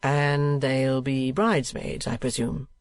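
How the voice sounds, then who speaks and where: A man voicing a polite, earnest young gentleman who speaks in a courteous, measured way. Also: medium pitch, steady tone, clear, resonant tone, dry recording.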